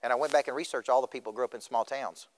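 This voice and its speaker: A middle-aged Tennessee man races through a motivational speech in a medium-pitched voice, asking the audience direct questions. He's in a school auditorium, and the recording echoes with its reverb.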